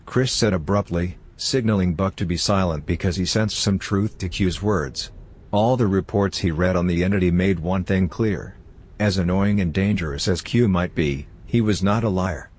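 A man reading a story aloud as narrator in a steady, even manner. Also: low voice, normal speed. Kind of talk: fan fiction audiobook reading.

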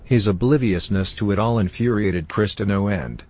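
A man reading a story aloud as narrator in a steady, even manner. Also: lowish voice, moderate pace. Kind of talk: fan fiction audiobook reading.

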